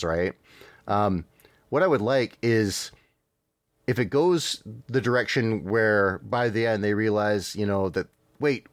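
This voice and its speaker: A man's voice: fairly low pitch, no room sound. A man hosting a casual podcast, chatting about cartoons in a rambling way with fillers and laughs. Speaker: podcast host.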